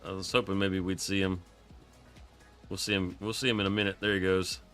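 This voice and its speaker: Streamer, male, very low but bright voice, froggy, laid-back and rambling, music faint behind. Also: level tone, fairly quick. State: froggy from coughing. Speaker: live streamer playing a farming game. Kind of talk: casual gameplay commentary.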